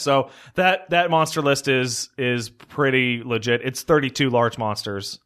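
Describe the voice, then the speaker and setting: A young man trades sarcastic quips and teasing jabs in relaxed podcast chat, swearing casually. He speaks at a middling pitch in an easygoing, dry way. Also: normal speed. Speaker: podcast co-host.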